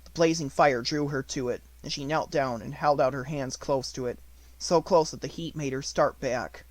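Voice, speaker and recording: A man reading an unabridged novel aloud as an audiobook narrator, with expressive storytelling. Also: medium pitch, normal speed, no echo.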